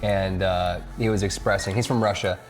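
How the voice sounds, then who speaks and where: A man's voice: low-pitched, fairly even intonation, moderate pace. Rambling game streamer man over music. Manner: rambling, joking, reads chat aloud. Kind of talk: casual live-stream chat.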